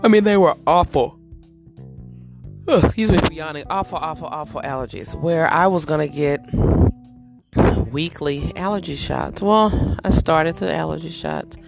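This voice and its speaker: A woman with a low, gravelly voice hosts a casual podcast monologue at an unhurried pace. Her throat is rough from allergies, and she breaks off to clear it and cough. Soft guitar music plays faintly behind her. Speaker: podcast host.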